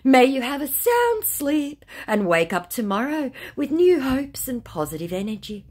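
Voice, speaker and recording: A woman plays a male online romance scammer who oozes stilted, sugary charm. The voice is lifted high and drawn out slowly, each line gushing with formal phrasing. It swings widely in pitch. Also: big pitch swings, exaggerated voice. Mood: syrupy.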